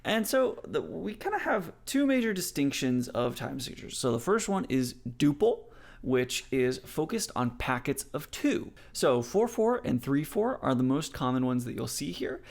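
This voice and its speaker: A man's voice: a little high, big pitch swings, normal speed, vocal fry. A man teaching a songwriting lesson, explaining time signatures in a friendly way and counting beats aloud. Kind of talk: music theory lesson.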